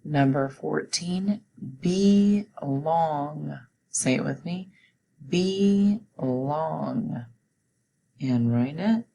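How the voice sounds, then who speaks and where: A woman teacher giving a recorded spelling test, reading each word slowly and deliberately and pronouncing it clearly. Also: low voice, dark tone, a little hiss or hum, low-quality recording. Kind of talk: recorded classroom spelling dictation.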